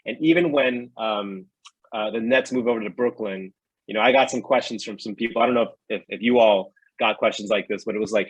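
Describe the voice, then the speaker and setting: Hesitant man, husky and dry. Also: on the low side, a little fast, dry recording, muffled recording. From New York. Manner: hesitant, repeats words while searching for thoughts. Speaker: guest. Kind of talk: casual podcast chat.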